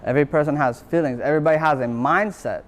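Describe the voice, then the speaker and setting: A man's voice: a little high, quick pace, slight background noise. A man, a university lecturer, giving a motivational talk and telling his own story in an earnest, reflective way, repeating phrases for emphasis.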